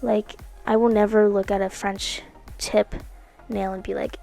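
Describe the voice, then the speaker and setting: A woman narrates a nail art video in a casual, chatty and playful voice-over, correcting herself and throwing in asides. Her voice is medium-pitched and creaky, level in tone at normal speed. Soft music plays underneath.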